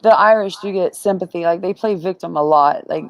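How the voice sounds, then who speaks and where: A woman speaking haltingly in a casual livestream chat, hesitating and restarting as she goes. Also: on the low side, no room sound, rough recording.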